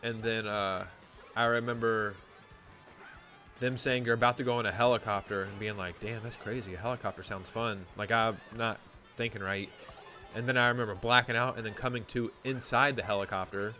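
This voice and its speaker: Bright-voiced man, rambling casual story. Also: fairly low pitch, steady tone, normal speed, soft background music. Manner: rambling, profane, lots of "like". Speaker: gaming YouTuber.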